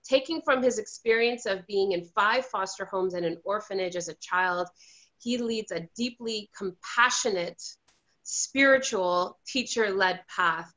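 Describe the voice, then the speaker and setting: A woman's voice: mid-range voice, unhurried, a bit bright, highs cut off. A woman hosting a spiritual online interview, gushing and effusive as she welcomes her guest. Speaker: host.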